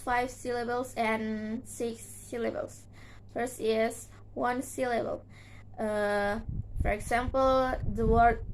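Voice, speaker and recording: A young woman whose first language is Indonesian, giving a halting class presentation with many fillers and repeated words. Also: fairly high pitch, a little hiss or hum, rough recording. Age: young adult. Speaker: student presenter.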